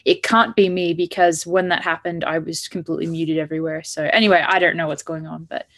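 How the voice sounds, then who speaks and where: A woman's voice: sits low, steady tone, brisk, fairly bright tone. A woman co-hosting a live stream, chatting casually and hesitantly, with restarts. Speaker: co-host.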